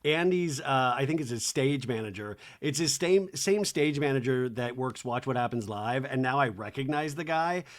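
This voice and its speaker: A man's voice: medium pitch, moderate pace, few pauses. A man hosting a podcast, riffing comedically on a reality-TV episode with lots of impressions and "like". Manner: animated, jokey, full of impressions and "like". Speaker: podcast host. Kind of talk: comedic TV recap monologue.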